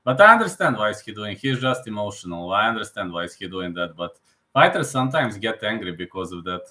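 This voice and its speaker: A man's voice: on the low side, very animated, quick pace, bright, forceful tone. A man hosting a live stream, commenting casually in a rambling way that repeats itself, with non-native phrasing. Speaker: streamer host.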